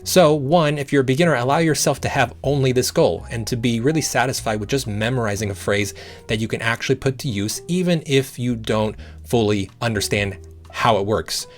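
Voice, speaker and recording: A man's voice: medium pitch, soft background music. Patient man teaching a study method. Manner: patient, encouraging, repeats sounds slowly. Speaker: language learning teacher.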